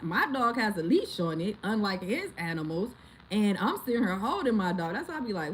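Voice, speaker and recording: A woman vlogger casually telling her viewers a story, animated and dramatic, speaking. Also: medium pitch, fairly quick, slight background noise, poor audio. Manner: animated, dramatic retelling with loud outbursts.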